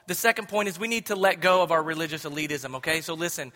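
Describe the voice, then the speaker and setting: A man in his thirties preaching a sermon as pastor, impassioned, swinging from hushed to loud. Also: high voice, fast, hardly any pauses. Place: church sanctuary. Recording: echoey hall with long reverb.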